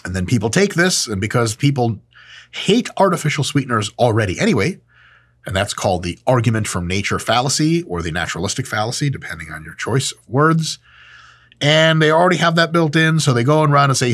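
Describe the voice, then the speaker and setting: Animated, jokey man hosting. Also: mid-range voice, fairly quick. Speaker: host. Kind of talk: casual educational talk.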